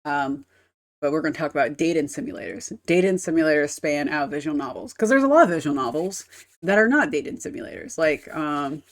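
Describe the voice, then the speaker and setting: Woman, game streamer, casual live-stream chat, rambling, explanatory, swears casually. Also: sits low.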